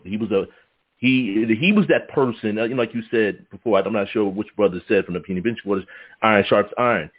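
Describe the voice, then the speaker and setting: A male talk show host speaking in a heartfelt, halting way, often restarting his sentences. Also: lowish voice, slightly rough. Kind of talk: emotional personal talk, then hosting. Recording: dull, lo-fi audio.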